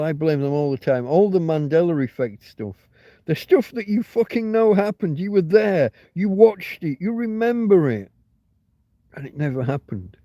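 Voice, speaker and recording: A man's voice: a little high, mellow, no room sound. A man hosting a casual livestream, rambling and swearing freely as he answers chat comments. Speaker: livestream host.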